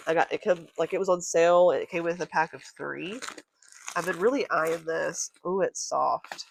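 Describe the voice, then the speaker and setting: A woman's voice: low voice, no echo. A woman vlogging about crochet in a casual, rambling, chatty way. Her voice is congested and nasal. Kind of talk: casual show-and-tell chat.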